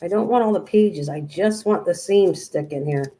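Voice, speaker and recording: A woman's voice: fairly low pitch, normal speed, dark tone, rough recording. An older woman hosting a live crafting stream, chatting casually, rambling and answering viewers as she works. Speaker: crafting livestream host.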